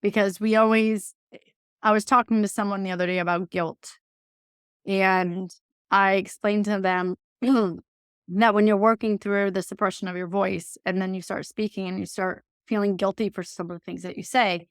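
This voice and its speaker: Smooth-voiced woman guest explaining earnestly. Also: mid-range voice, steady tone, moderate pace, no room sound, clean studio sound. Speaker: podcast guest and coach. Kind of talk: casual conversation.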